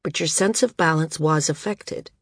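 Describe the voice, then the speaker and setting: A woman voicing an older male healer in an audiobook, speaking quietly and gravely. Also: low voice, dry recording, clean studio sound. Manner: quiet and measured. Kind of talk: audiobook character voice.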